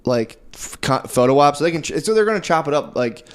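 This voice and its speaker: A man co-hosting a podcast rattles off a story at a rapid clip. His telling is rambling and profane, full of "dude" fillers, and he acts out the other people's lines as he goes. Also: fairly high pitch, lively intonation. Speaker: podcast co-host. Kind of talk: casual storytelling chat.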